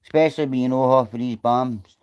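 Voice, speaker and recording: A man's voice: medium pitch, fairly even intonation, fairly quick, darkish tone, clean tone. A middle-aged man with a Scottish accent chatting bluntly and swearing freely as he answers viewers on his livestream. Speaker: livestreamer reading chat. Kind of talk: casual livestream chat.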